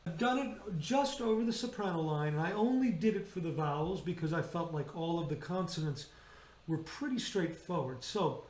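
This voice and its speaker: A high-pitched man teaches a choir how to shape their sounds, stopping again and again to demonstrate a vowel or consonant aloud. His voice rings out in a roomy, echoey space. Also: expressive, moderate pace, darkish tone. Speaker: choir director. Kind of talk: rehearsal teaching on singing diction. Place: indoors, remote rehearsal video.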